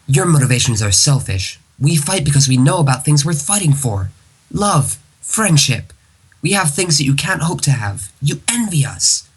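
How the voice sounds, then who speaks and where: A man's voice: on the high side, sing-song, moderate pace, breathy edge, heavily acted. A man reading the part of an earnest young female unicorn heroine in a defiant, earnest way. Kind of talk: reading a comic aloud in character.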